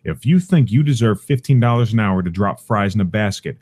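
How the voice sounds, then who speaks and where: Brief: young male podcast host, dark mellow tone, shouting a profane furious rant. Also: fairly low pitch, animated, a little fast, slightly rough. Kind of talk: angry ranting commentary.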